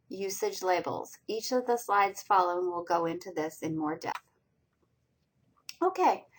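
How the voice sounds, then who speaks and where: A woman teaching a college reading class, talking through slides step by step and asking students questions as she goes. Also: medium pitch. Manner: patient, step-by-step explaining with quiz questions to students. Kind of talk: recorded slideshow lecture.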